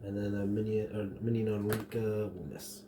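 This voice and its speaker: A man running a tabletop game as game master, describing scenes and monster actions in a halting way full of fillers. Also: fairly low pitch, monotone, mellow, a little hiss or hum.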